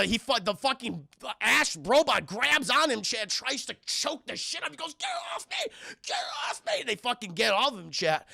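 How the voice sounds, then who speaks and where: A man streaming a film review, retelling scenes in an animated, profane rush and talking to his chat. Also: high voice, creaky, dry recording, studio quality. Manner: keeps addressing the chat.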